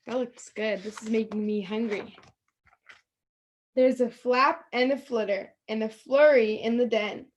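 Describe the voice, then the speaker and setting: Woman, storytime reader on a video call. Slow, higher-pitched and expressive, with chatty asides to the kids. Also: lo-fi sound. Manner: slow, expressive read-aloud with pointing asides. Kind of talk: reading a picture book aloud to children.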